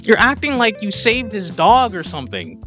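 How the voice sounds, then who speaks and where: A man's voice: high-pitched, moderate pace, faint music behind. Exasperated mocking male commentator. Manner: mocking, exasperated, keeps saying calm down. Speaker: commentator reacting to clips. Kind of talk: opinion commentary.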